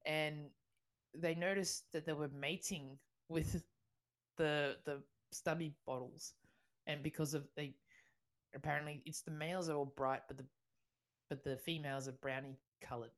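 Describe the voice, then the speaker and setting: An Australian woman with a low voice co-hosts a casual podcast. She tells stories in a chatty way, laughs often, and restarts her sentences as she goes. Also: fairly even intonation, normal speed. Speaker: podcast co-host. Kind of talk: casual chat.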